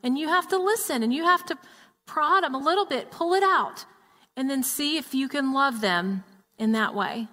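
A woman's voice: high voice, moderate pace, sharp tone, in a large hall. A woman co-preaching a sermon, chiming in with affirmations and adding her own points. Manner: chimes in with affirmations. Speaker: co-pastor.

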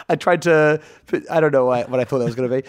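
A man's voice: mid-range voice, a little fast, smooth, no echo, studio quality. A man co-hosting a casual, comedic podcast chat, rambling through jokes and laughing often. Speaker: podcast co-host.

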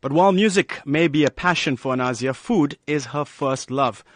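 A man narrating a scripted radio news feature in an even, polished delivery. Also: on the high side, normal speed, no echo.

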